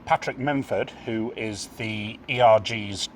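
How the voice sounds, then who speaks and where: A man's voice: fairly low pitch, unhurried. A man from the UK co-hosting a casual political podcast. He chips in often, asks questions and laughs easily. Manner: animated, interjecting, laughs easily. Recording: faint background noise, outdoors with wind.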